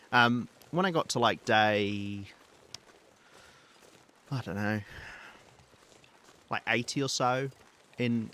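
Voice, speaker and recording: A British man live-streaming a survival game, talking calmly and softly to his chat while he plays. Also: fairly low pitch, a little hiss or hum. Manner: calm, soft-spoken, chatty with viewers.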